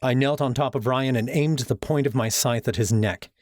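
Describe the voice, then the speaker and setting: A man narrating a first-person fantasy novel as an audiobook, in a steady storytelling manner. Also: mid-range voice, normal speed, no room sound.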